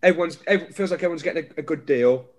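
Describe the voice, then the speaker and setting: A man's voice: a little high, rapid-fire, a crowd in the background. An English man, a guest comedian, telling easygoing stories in casual chat and laughing along as he goes. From England. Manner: easygoing storyteller, laughs mid-story.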